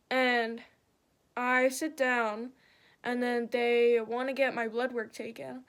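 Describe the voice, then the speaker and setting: A young woman chatting casually while doing her makeup, telling a story with lots of swearing and animated retelling. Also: fairly high pitch, takes it slowly, clean tone.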